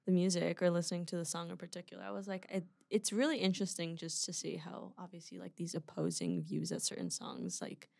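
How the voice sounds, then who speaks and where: A woman's voice: fairly low pitch, animated, brisk, vocal fry, few pauses, a little mellow, no room sound, clean studio sound. A woman hosting a radio show, chatting casually and often searching for words among many fillers. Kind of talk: casual interview chat. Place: radio studio.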